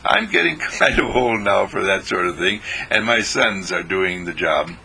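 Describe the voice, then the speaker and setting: A man telling a spiritual story with a gravelly, husky voice. He rambles along with pauses and repeated words. His tone is bright and sharp. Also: low voice, lively intonation, poor audio.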